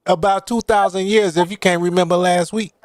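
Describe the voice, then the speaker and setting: A man's voice: high-pitched, steady tone, fairly quick, no room sound, clean studio sound. A man with a Chicago accent co-hosting a podcast, joking and streetwise in casual chat. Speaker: podcast co-host.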